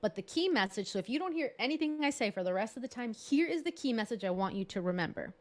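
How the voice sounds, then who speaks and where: A bilingual woman presenting a live online workshop over a video call, talking in a chatty, encouraging way and laughing at herself. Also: mid-range voice. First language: bilingual English and Spanish.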